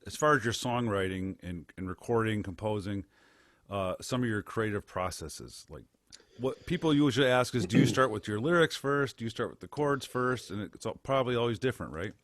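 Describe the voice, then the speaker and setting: A man's voice: on the low side, animated, brisk, fairly bright tone, no echo, studio quality. A man hosting a casual interview, asking questions in a loose, friendly way. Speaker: interview host.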